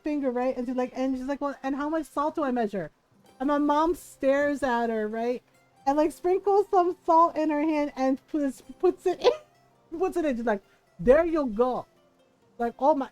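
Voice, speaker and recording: High-pitched woman streamer, easygoing storyteller who chats while she plays. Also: darkish tone. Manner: chatty anecdotal storytelling, acts out family quotes. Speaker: game streamer. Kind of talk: casual live-stream chat while playing.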